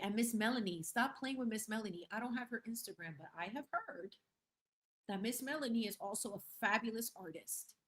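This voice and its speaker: In a mid-range voice, a young adult woman hosting a casual livestream reads out viewer comments playfully and effusively, laughing often and mixing in Spanish phrases.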